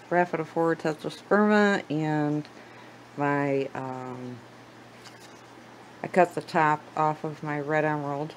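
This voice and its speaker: Slow, low-voiced woman giving a plant tour. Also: a little hiss or hum, low-quality recording. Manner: chatty and gushing, trails off mid-sentence. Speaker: plant vlogger. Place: living room at home.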